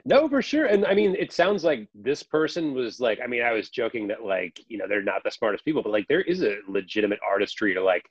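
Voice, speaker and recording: A man rambles through stories in relaxed podcast chat, filling his sentences with little asides. His voice comes through a slightly muffled, lo-fi mic with a dry, close sound. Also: fairly low pitch, quick pace, hardly any pauses, slightly rough, no room sound. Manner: rambling, filler-heavy, animated storytelling.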